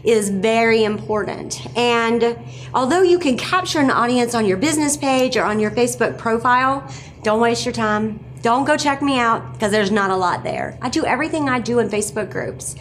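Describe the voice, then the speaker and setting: A woman with a fairly high voice gives a live online presentation, upbeat and direct with her viewers. A faint hiss sits under her voice. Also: expressive, moderate pace. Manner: upbeat, coaxing, direct with the audience.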